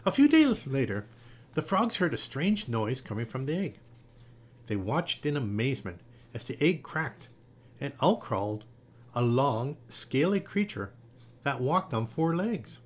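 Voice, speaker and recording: Husky man reading a picture book. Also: medium pitch, measured pace. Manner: gentle, expressive storybook reading. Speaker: storyteller.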